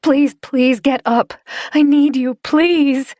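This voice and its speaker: A woman's voice: sits high, steady tone, slow pace, darkish tone, no echo, clean studio sound, voice pushed up. A woman voicing a desperate young woman, pleading urgently and shrilly in a raised voice.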